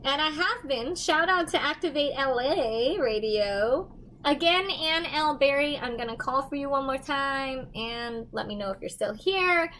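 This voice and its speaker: A woman's voice: sits high, lively intonation, a little slow, fairly bright tone, a little hiss or hum. A young woman, a medium, chatting goofily on a livestream and laughing often between rambling asides. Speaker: medium giving livestream readings. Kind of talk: casual livestream chat.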